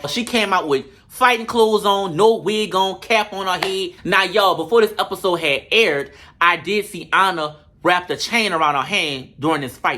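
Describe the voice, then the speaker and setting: High, bright-voiced man roasting a show. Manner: animated, profane and sassy, with bursts of laughter. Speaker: reality show reviewer. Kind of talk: casual comedic show recap.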